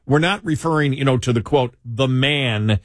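A man's voice: medium pitch, normal speed, no room sound, studio quality. A man co-hosting a talk show, talking in an emphatic, opinionated way and repeating himself for effect. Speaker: co-host.

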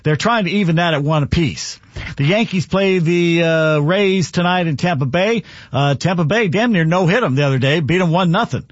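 A man's voice: on the high side, normal speed, no room sound, highs cut off. A man hosting a sports talk radio show, rambling and opinionated as he tells stories and gives scores. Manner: rambling, opinionated, lively storytelling. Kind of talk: casual sports radio chat. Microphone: studio broadcast mic.

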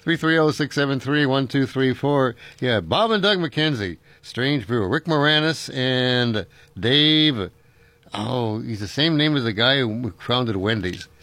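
On his call-in radio show, a middle-aged host rambles through stories and chuckles often in casual chat. He speaks at a medium pitch, animated yet unhurried, with a sharp tone. A studio microphone gives a dry recording.

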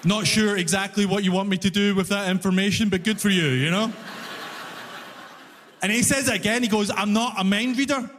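A man performing a stand-up comedy set, telling stories with animated delivery and shouted punchlines. English is not his first language. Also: high voice, fairly quick, long pauses, a little hiss or hum. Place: comedy club stage. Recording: live room with long reverb.

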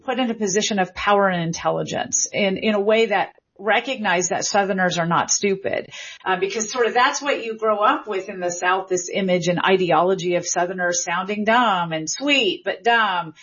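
A woman's voice: mid-range voice, a bit bright, slightly rough. A middle-aged woman from the American South, a guest linguist explaining speech and accents in a thoughtful, reflective way. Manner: thoughtful, reflective, drawn-out phrasing. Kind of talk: explanatory conversation. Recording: muffled lo-fi audio.

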